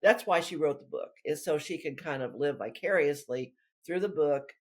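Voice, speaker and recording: A woman author, a guest in a casual interview, talks through her work in a rambling, chatty way. Her voice is low and her pace moderate.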